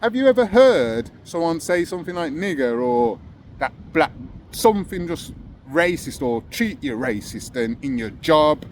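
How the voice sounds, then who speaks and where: Impassioned man with a higher voice. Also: very animated, a little slow, slight background noise. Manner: impassioned, rhetorical questions to viewers. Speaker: host of commentary channel. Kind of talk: casual commentary monologue.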